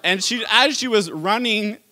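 Bright, high-voiced storytelling pastor, a man. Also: a little slow. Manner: animated, laughing at his own story. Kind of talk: storytelling sermon.

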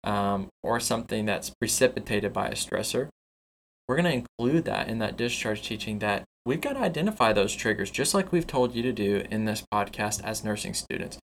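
Lower-voiced man teaching nursing tips. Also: lively intonation, a little fast, a little hiss or hum, rough recording. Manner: instructive, teacherly, lists points. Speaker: podcast co-host for nursing students. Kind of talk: casual advice chat.

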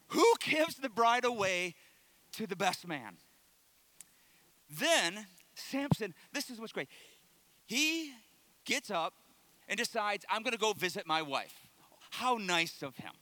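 A man preaching a sermon, retelling a story in an animated, humorous way with dramatic pauses. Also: high voice, no echo.

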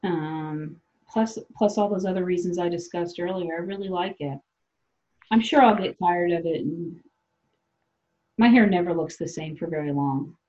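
A woman from South Dakota hosts a podcast, chatting loosely and laughing as she acts out what people say. Her voice is fairly low and darkish, her pace moderate, and the audio sounds dull.

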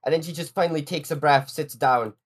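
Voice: mid-range voice, fairly quick. A podcast co-host retelling cartoon scenes in casual chat, full of "like" and swearing. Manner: many fillers, swears, acts out quotes.

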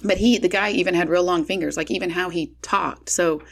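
A woman's voice: brisk, gravelly. A woman in a casual chat, animatedly telling a family story and acting out what people said. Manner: animated storyteller who acts out quotes with big pitch jumps.

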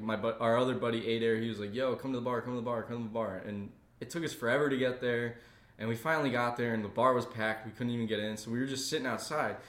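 A young man co-hosting a podcast, telling stories in a casual, joking way. He laughs as he talks and acts out the voices of the people in his stories. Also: medium pitch. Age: young adult. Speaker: podcast co-host. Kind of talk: casual comedic storytelling. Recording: echoey room.

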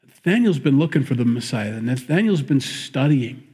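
Husky-voiced preacher man, wry asides. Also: mid-range voice, sing-song, normal speed, dark tone. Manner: wry, joking asides, acts out Bible quotes in raised voice. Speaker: pastor. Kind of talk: sermon.

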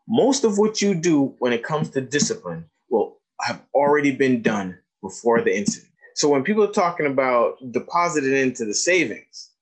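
A man's voice: mid-range voice, husky, poor audio. A man giving a lecture to teachers, telling stories and acting out the dialogue. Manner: animated storyteller acting out dialogue. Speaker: educator giving a talk on trauma.

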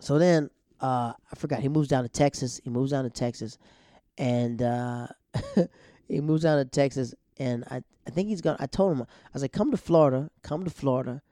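A man casually telling a long story, animated, with frequent restarts and acted-out quotes. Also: medium pitch, normal speed, dry recording, studio quality. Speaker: storyteller guest.

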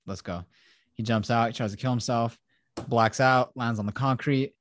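A man's voice: medium pitch, steady tone, moderate pace, slight background noise. A man hosting a casual podcast, animatedly retelling a film scene by scene, acting out the characters and swearing freely. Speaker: podcast host.

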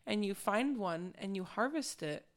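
A woman's voice: mid-range voice, lively intonation, measured pace. A young adult woman co-hosting a podcast, playful and giggly, cracking cheeky jokes. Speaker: podcast co-host. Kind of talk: casual chat.

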